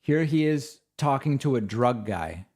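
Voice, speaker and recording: A man hosting a casual livestream, chatting loosely and firing off quick asides between segments. His voice sits at a middling pitch. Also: expressive, a little mellow. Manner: quick asides and thank-yous to viewers. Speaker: livestream host.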